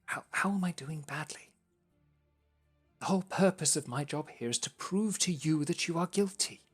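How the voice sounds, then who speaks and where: A nervous rookie court defender fumbles through a tabletop game, voiced by a man pitched well above his own voice. He stammers and restarts, earnestly certain of the wrong thing. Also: normal speed, breathy edge, faint music behind. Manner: stammering, flustered.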